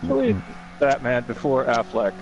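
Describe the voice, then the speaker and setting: Gravelly, halting man in gaming chat, with loud car noise behind him. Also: medium pitch, very animated, muffled recording. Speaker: co-player. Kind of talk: casual chat while playing a racing game.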